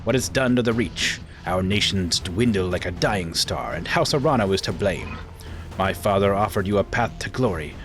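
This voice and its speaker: A man's voice: low-pitched, lively intonation, moderate pace. A male streamer voicing a proud young noblewoman who betrays her friend, reading her lines aloud in a raised voice. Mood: cold. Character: proud young noblewoman turned traitor, cold.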